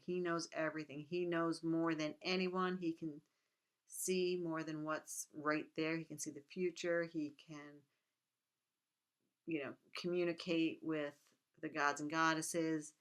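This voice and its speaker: A woman's voice: low voice, a bit bright. A woman teaching literature in a casual recorded lecture. She reads quoted lines aloud, then breaks off to comment in chatty asides.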